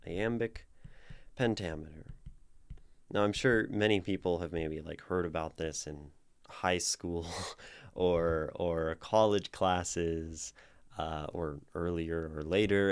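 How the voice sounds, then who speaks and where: A man hosting a poetry channel, talking viewers through a poem. He thinks aloud and keeps checking in with "right?". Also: deep voice. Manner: thoughtful, often checks in with "right?".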